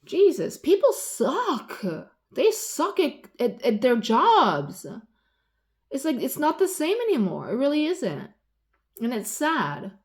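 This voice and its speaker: A woman in her forties ranting casually, rambling and swearing, losing her train of thought and swinging between loud exasperation and low muttering. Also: big pitch swings, a little slow. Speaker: vlogger. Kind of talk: casual rant.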